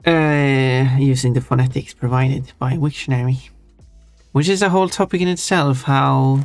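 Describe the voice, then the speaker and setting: A man's voice: mid-range voice, clear, resonant tone, no room sound. A man chatting casually on a stream while reading chat, rambling and often restarting his words. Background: soft chill music.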